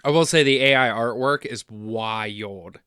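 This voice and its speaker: A man's voice: medium pitch, a little slow, sharp tone, clean tone, no room sound, clean studio sound. A man co-hosting a podcast, chatting casually and teasing his friend with playful, laughing energy. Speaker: podcast co-host.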